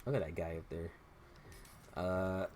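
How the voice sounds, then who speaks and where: Faint game music sits under this young Southern US man, a gaming YouTuber who rambles and restarts in a stammering way as he plays. He speaks at a measured pace in a deep, slightly mellow voice, and there's a little hiss or hum on the recording.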